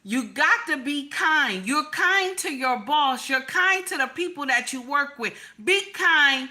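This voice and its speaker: Forceful, emphatic woman giving relationship advice. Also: high voice, animated, a little slow. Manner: emphatic, repeats lines, profane. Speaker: relationship commentator.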